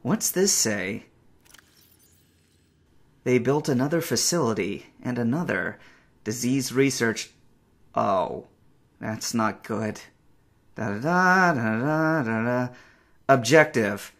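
A man voicing a stranded space survivor who mutters to himself in a halting way. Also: mid-range voice, animated, exaggerated voice. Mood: worried. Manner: talks to himself, halting, rising to panicked shouts. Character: stranded male space survivor, anxious and curious. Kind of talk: acted game narration.

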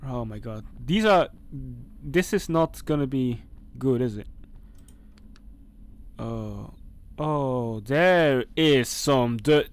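Jumpy young man with a lively voice. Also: medium pitch, slow, long pauses, clean tone. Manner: jumpy, talks to game characters. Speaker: gaming channel host. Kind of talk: horror game commentary. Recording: faint background noise.

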